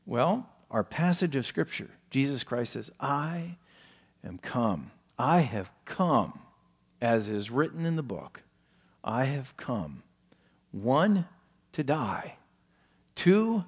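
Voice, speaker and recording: A man's voice: expressive, takes it slowly. Man preaching a storytelling sermon. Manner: storytelling preacher, emphatic rises and soft low passages. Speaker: pastor.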